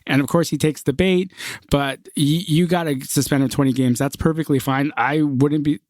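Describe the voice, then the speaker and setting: Slightly higher-voiced man hosting. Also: fairly even intonation, moderate pace, a little mellow, no echo, clean studio sound. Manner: leads the talk, asks co-hosts questions. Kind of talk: casual sports chat.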